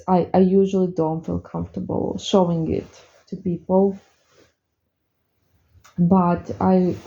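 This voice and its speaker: Woman vlogger and witch, earnest and confiding, lowish voice with vocal fry, unhurried. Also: mellow, muffled recording. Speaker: witch and spell caster. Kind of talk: confiding vlog monologue.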